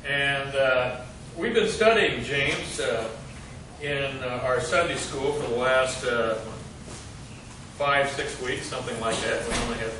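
Slow, halting man leading Bible study. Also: mid-range voice, bright, forceful tone, far from the mic. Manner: halting, many fillers, quizzes the group. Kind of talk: group Bible study teaching. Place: church meeting room. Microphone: distant room mic. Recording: echoey room recorded from afar, noisy.

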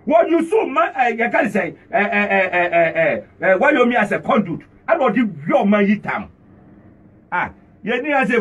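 A man's voice: high-pitched, very animated, normal speed, fairly bright tone, slightly rough, highs cut off. A man talking animatedly, laughing, recorded from a distance.

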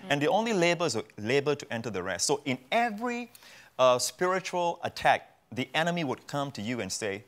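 A man's voice: a little high, sing-song, fairly quick, fairly bright tone. A man from Singapore, preaching as a guest pastor on a TV talk show and repeating key phrases for emphasis.

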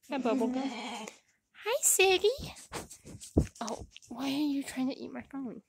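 A woman sheep farmer talking casually to her flock on a handheld phone, cooing at the animals with sudden high calls. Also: a little mellow, slight background noise. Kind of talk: casual vlog among sheep. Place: outdoor sheep pasture. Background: sheep bleating.

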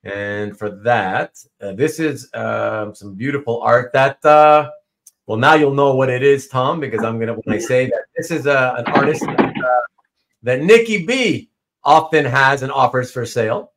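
A man hosting a casual video call chat about comic art, relaxed and explaining patiently. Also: mid-range voice, moderate pace. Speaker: show host.

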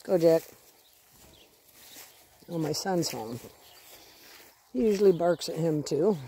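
Mellow-voiced woman training a dog outdoors. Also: on the low side, lively intonation, measured pace, a little hiss or hum. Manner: chatty, breaks off to give short commands and praise to her dog. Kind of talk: casual training walkthrough. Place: outdoors in her yard near chickens.

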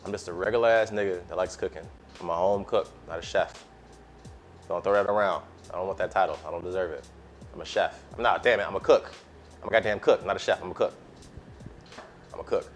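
Casual male cooking streamer, low-ish voice, slangy and easygoing, faint music underneath. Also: brisk, long pauses. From United States. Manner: laid-back, slangy, talks to chat. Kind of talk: casual live-stream chat.

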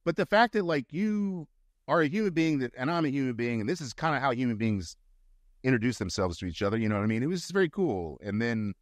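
A man's voice: medium pitch, fast, no room sound. Middle-aged actor guy chatting, voice swings up and down a lot, dry close sound. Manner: animated storyteller, acts out quotes. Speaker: actor, guest. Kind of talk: casual interview chat.

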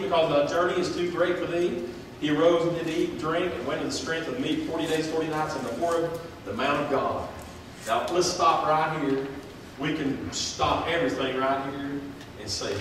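A man, a pastor, preaching a sermon in a church, moving from quiet reflection to loud, impassioned preaching. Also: fairly high pitch, a little fast, a little hiss or hum. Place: church sanctuary. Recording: echoey church hall from far off.

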